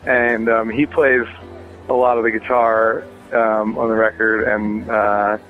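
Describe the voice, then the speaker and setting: A man's voice: fairly low pitch, little pitch movement, measured pace. A man talking casually about his music as an interview guest, rambling with many fillers and restarts. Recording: tinny phone line.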